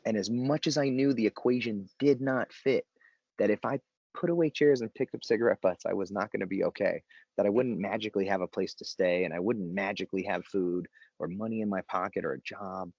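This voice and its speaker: A man's voice: lowish voice, fairly quick, a little mellow, no echo. A man speaking as a podcast guest, telling a personal story in a candid, rambling way, full of fillers and restarts. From Los Angeles area. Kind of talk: storytelling in casual conversation. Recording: dry, dull lo-fi sound.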